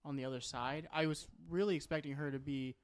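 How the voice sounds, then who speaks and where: A man co-hosting a podcast, adding to a movie recap with quick agreements and side comments. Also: on the high side, fairly even intonation. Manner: chimes in with short agreements and additions. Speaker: podcast co-host. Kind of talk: casual movie review chat.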